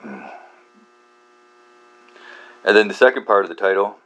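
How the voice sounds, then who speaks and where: Casting: man with a very deep voice, rambling casual monologue, stumbling through fillers and restarts, self-mocking, mains hum underneath. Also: lively intonation, fairly bright tone. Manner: halting, many fillers and restarts, frequent swearing; self-deprecating, laughs at himself. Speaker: book channel host.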